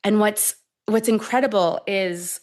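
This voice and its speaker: A woman in her thirties who is a tapping expert, guiding a calm tapping sequence and then telling stories in an animated, conversational way. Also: mid-range voice, measured pace. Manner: calm, soothing guidance shifting to animated storytelling. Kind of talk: guided tapping and conversational chat.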